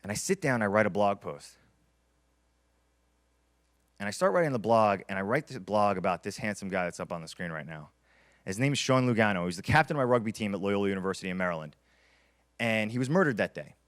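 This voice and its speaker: A man's voice: fairly low pitch, lively intonation, fast, pauses often, fairly bright tone. A man in his thirties giving a motivational keynote, telling stories dramatically and repeating key lines for emphasis. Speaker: keynote speaker.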